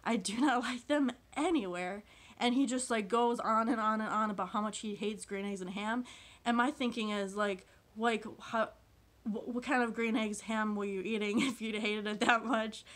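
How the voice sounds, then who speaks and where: A woman's voice: fairly high pitch, fairly even intonation, moderate pace, fairly bright tone. A woman vlogger rambling through a comedic monologue, full of filler words and frequent laughs. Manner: meandering, constant filler "like", laughs often.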